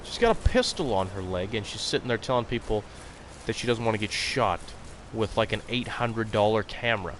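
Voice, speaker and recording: A young man rambles bluntly through a live stream of a hunting game, swearing freely as he chats with viewers. His voice sits on the low side, and a faint noise runs under the recording. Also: animated, fairly quick, fairly bright tone. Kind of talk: casual live-stream chat.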